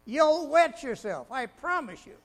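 High-voiced animated male preacher. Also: a little slow. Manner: animated, swings from loud exclamations to quiet asides, laughs often. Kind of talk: sermon. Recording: mains hum behind the voice.

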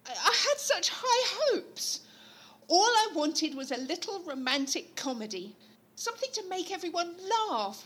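A woman playing an excitable, hopeful actress in a comedic audio play, talking in a gushing way. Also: high voice, heavily acted.

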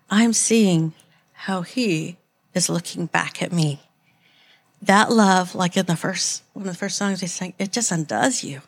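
A woman giving an informal sermon, earnest and rambling, with many "like"s and restarts. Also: medium pitch. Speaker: church speaker.

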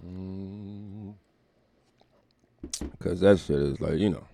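A man's voice: deep voice, drawn-out words, creaky, heavy background noise. A man delivering a casual comedic rant, profane and rambling, often laughing and slipping into mock voices. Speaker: comedic commentator.

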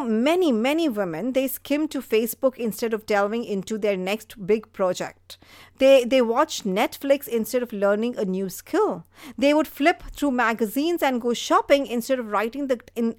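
A woman's voice: a little high, no room sound. Motivational podcast host, woman, earnest storyteller, fillers, dry booth sound. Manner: earnest, storytelling, frequent "you know" fillers. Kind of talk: motivational talk.

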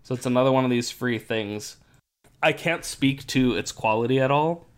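Man explaining, voice going hoarse. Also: mid-range voice, normal speed. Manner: relaxed, explanatory, many fillers. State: losing his voice. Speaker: podcast host. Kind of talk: casual podcast chat.

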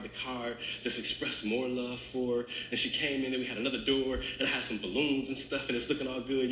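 A man preaching a sermon as pastor, telling humorous stories and speaking straight to the congregation in a lively, conversational way. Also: mid-range voice, a little hiss or hum. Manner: animated, conversational, addresses congregation directly. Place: church sanctuary. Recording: roomy church echo.

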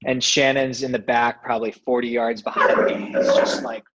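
A young man, a soccer player, telling stories as a podcast guest in a relaxed way, full of fillers and restarts. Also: mid-range voice, normal speed, dull audio. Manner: relaxed storytelling with many fillers. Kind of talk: casual interview chat.

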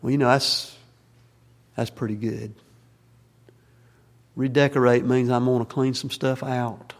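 A man's voice: medium pitch, fairly even intonation, a little slow, big-room sound. A man preaching as a Baptist pastor in a church, plainspoken and folksy, with fillers and restarts. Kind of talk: sermon and closing prayer. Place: church sanctuary.

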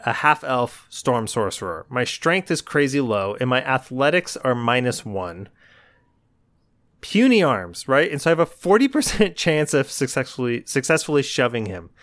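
A male podcast co-host in casual chat, recounting a story with growing animation. His voice sits in a middle register. The sound is dry and close, with no room echo. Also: mid-range voice. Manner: animated, acts out his own side of the story.

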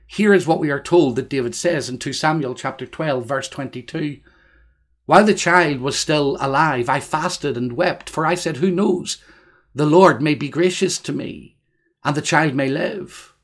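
A man with a fairly high voice preaches a solemn sermon on grief. He reads scripture passages slowly and deliberately. At the laments his voice swells loud and high.

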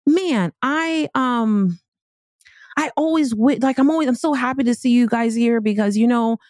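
A woman's voice: a little high, moderate pace, a little mellow, no echo, natural voice. A woman voicing an overly familiar man at an event who fumbles his words and pushes too close. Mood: awkward. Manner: fumbling, awkward, over-friendly.

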